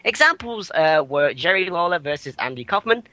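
A man's voice: high-pitched, lively intonation, brisk, pushed and bright, no room sound, dull audio. A man co-hosting a casual podcast, reading out news items with stumbles, fillers and asides.

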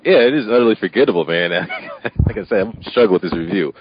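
A man's voice: lowish voice, animated, quick pace, highs cut off, noisy background. A man co-hosting a casual movie review podcast, speaking in a laid-back, slangy way. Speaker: podcast co-host.

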